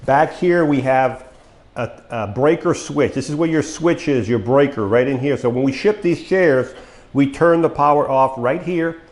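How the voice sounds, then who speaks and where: A man's voice: medium pitch, normal speed, a little mellow. Plainspoken salesman man in echoey room. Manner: plainspoken salesman addressing viewers as folks. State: voice getting worn. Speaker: mobility equipment dealer. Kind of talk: product walkthrough demo.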